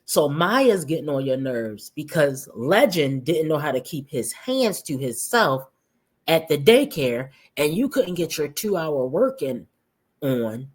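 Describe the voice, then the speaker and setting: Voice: mid-range voice, sing-song, measured pace, slightly rough. A reaction host giving sarcastic commentary on a vlog clip, teasing the people in it and speaking straight to viewers.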